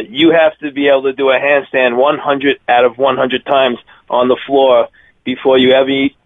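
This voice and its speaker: Energetic man with a Long Island accent over a phone line. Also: mid-range voice, no room sound. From Long Island, New York. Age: 50s. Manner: energetic, rambling storyteller. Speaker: circus daredevil guest. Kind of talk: phone interview.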